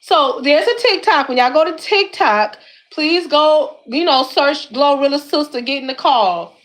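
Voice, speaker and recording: A Detroit woman hosts her own YouTube commentary, chatting casually in a high, slang-heavy voice at a measured pace while slightly winded from lifting weights. She's animated and exclamatory, speaking straight to her viewers and circling back to the same words over and over.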